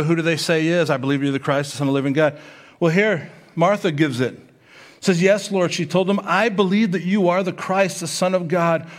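A man preaching a sermon with a slightly higher-than-usual voice. He reads scripture aloud and then explains it in a plain, chatty way, often pausing to check in with his listeners. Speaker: pastor.

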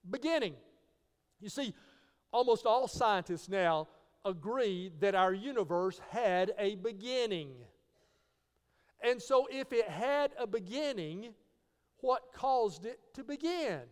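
A man's voice: high voice, lively intonation, slow pace, smooth. A man giving an apologetics teaching talk. He asks rhetorical questions and spells out key words letter by letter. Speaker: Christian teacher. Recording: long reverb.

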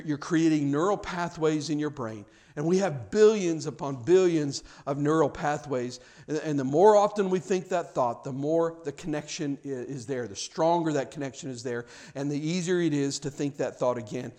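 A man's voice: a little high, a little mellow. A middle-aged man preaching a sermon to a congregation in a conversational way, repeating his words as he restarts and acting out little scenes. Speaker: pastor.

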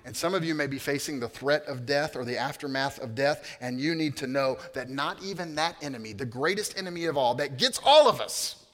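A man preaching a sermon, building to loud emphatic peaks and then dropping to a near hush. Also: medium pitch, animated, brisk. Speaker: pastor.

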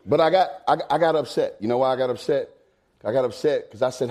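A man, preaching a folksy sermon. He swings from low asides to high, emphatic exclamations. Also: quick pace, darkish tone. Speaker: pastor.

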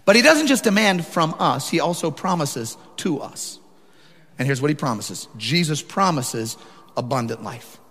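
A man's voice: fairly high pitch, lively intonation, normal speed, a bit bright. A man preaching a sermon, emphatic and talking directly to the congregation. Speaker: pastor. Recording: long hall reverb.

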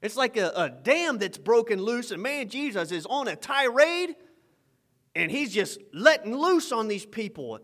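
A man preaching a sermon with fervor, swinging from loud, emphatic lines to quiet asides and repeating phrases for effect. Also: extremely high pitch, sing-song, unhurried.

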